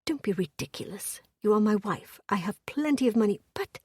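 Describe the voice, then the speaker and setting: A woman voicing a young viscount who speaks quietly and firmly, in a storybook reading. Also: medium pitch, animated, fairly quick, breathy edge. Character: gallant young viscount husband, firm.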